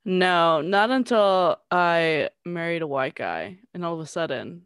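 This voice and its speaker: A woman's voice: on the low side, expressive, unhurried, fairly bright tone, clean tone, dry recording. A woman co-hosting a podcast in casual chat, sleepy and offhand, with dry humor. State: sleepy, just woke up. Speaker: podcast co-host.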